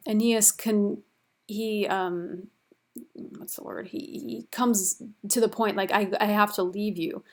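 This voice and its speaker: A young woman lecturing on a classical epic in a casual, chatty way, paraphrasing with many fillers and restarts. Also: mid-range voice. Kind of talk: recorded university lecture.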